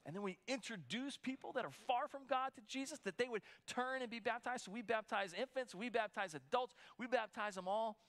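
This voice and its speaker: A man's voice: extremely high pitch, brisk, hardly any pauses, a bit bright. A man preaching a sermon as pastor, conversational and given to repeating words as he restarts.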